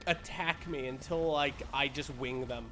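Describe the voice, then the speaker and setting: A man's voice: mid-range voice, steady tone, unhurried, a bit bright, a little hiss or hum. A young man streaming a game, explaining it in playful casual chat with silly sound words, game music behind.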